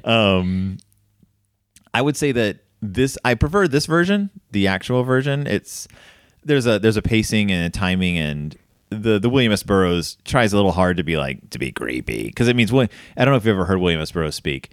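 A man's voice: on the low side, moderate pace, dry recording, clean studio sound. A man hosting a casual film discussion podcast, telling stories with lots of fillers. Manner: animated storytelling, many fillers. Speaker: podcast host.

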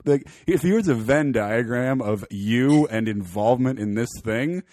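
A man's voice: medium pitch, expressive, normal speed, darkish tone, no room sound, studio quality. A young Canadian man co-hosting a podcast, rambling through casual chat with swearing and laughter. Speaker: podcast co-host.

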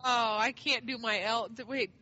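A woman's voice: on the high side, fairly even intonation, moderate pace, bright, forceful tone, dull audio. A woman co-hosting a casual podcast, playful and giggly, guessing unsure answers. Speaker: podcast co-host.

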